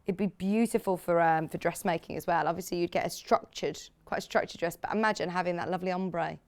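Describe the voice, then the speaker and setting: A woman presenting products on live shopping television, chatty and enthusiastic, joking with the crew between sales pitches. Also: fairly even intonation, fast talker, darkish tone.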